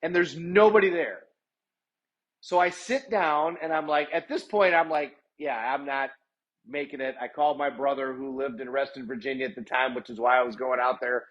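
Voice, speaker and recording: A man's voice: medium pitch, steady tone, moderate pace, a bit bright, dull audio. A man, a lawyer, telling a personal story in a casual way. He is chatty, fills the story with "I'm like" asides, and acts out the people he quotes. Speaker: lawyer sharing personal stories.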